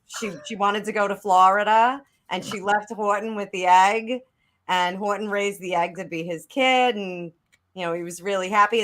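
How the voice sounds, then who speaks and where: A middle-aged woman with a New Jersey accent, chatting casually as a tarot reader on a live video call, quick asides and frequent laughter. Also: medium pitch, a bit bright, a little hiss or hum. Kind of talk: casual chat. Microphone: webcam on a video call.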